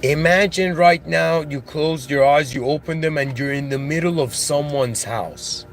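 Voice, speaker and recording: A man's voice: a little high, a little slow, soft background music. Earnest man musing aloud. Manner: earnest, rising with emotion. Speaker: channel host. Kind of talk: philosophical monologue.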